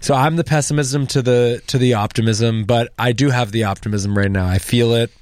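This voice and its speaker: Man, musician guest, casual rambling radio chat, close dry studio mic, mid-pitched. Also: steady tone, fairly quick, darkish tone, dry recording. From New York. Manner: chatty, enthusiastic, rambling.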